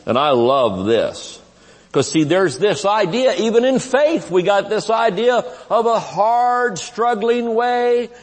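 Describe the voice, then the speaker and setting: A man in his fifties preaches a live sermon at a conference, joking and laughing, then shouting some lines. His voice sits high and swings widely in pitch. The sound carries the long reverb of a big church sanctuary. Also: animated, slow.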